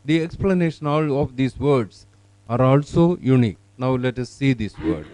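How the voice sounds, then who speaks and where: Presenter: man, halting product demo, mellow tone, dry close sound. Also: mid-range voice, lively intonation, dry recording, rough recording. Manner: halting, many fillers. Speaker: software presenter. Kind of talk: product demonstration.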